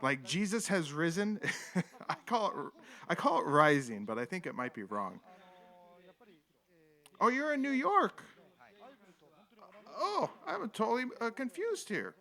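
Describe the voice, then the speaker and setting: A man hosts a live stream, commenting casually on old footage and reading the chat aloud, irreverent and rambling, chuckling often. His high-pitched voice is gravelly and fairly bright, swinging hugely in pitch at a moderate pace.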